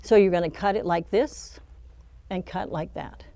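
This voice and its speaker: A woman's voice: on the low side, moderate pace, mellow, no room sound. Chatty woman demonstrating quilt strips. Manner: chatty, laughs at her own slips. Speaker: quilting instructor. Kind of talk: casual hands-on demonstration.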